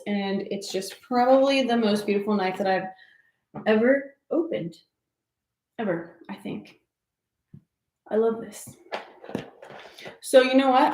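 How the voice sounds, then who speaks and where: A woman with a mid-range, slightly mellow voice hosts a casual livestream show and tell from her home office, gushing and laughing often. The room sounds echoey, with faint background noise.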